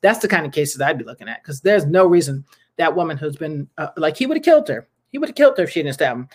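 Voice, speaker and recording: Very animated and fast, with a medium-pitched voice, this speaker in their 30s is a podcast host who founded a nonprofit. Their casual good-news talk is chatty and rambling, packed with laughter, fillers, and earnest, preachy asides.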